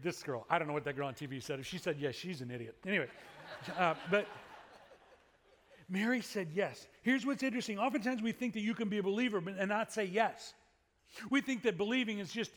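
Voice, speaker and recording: A man preaches a sermon in a relaxed, conversational way. He swings between loud animated bursts and quiet earnest asides. His voice sits a little high and rings out in a big reverberant hall. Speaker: pastor.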